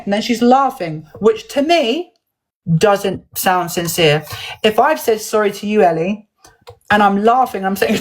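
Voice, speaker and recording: Animated woman livestreamer. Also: mid-range voice, normal speed, rough recording. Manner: animated storytelling, acts out quoted voices. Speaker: livestream host. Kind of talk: heated livestream chat.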